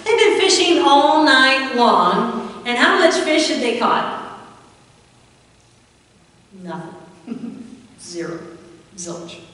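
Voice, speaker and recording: A high-voiced woman preaching a sermon in a church hall, her voice heard from a distance. She tells the story with lively swings and sudden hushed drops. The big space adds a long, booming reverb. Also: drawn-out words, long pauses. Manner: animated storytelling with dramatic drops to a hush. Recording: echoey hall, far from the mic.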